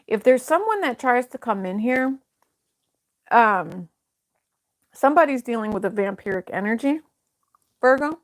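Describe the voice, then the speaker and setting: A woman's voice: fairly high pitch, expressive, a little slow, pauses often. A woman reading tarot cards to camera in a casual style, thinking aloud as she goes and often trailing off or restarting. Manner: thinks aloud, hesitant, many fillers and restarts. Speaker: tarot reader.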